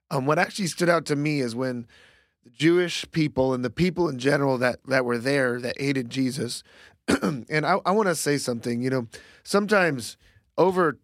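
A man talking through a Bible passage in a casual faith discussion, reflective and halting, with many fillers and restarts. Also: mid-range voice, a bit bright, no room sound, studio quality.

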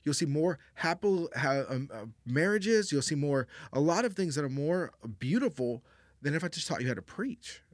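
A man's voice: fairly high pitch, animated, moderate pace, no echo, studio quality. A man, a pastor, talking through a Bible passage in an earnest, conversational way with frequent restarts. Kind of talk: casual Bible discussion.

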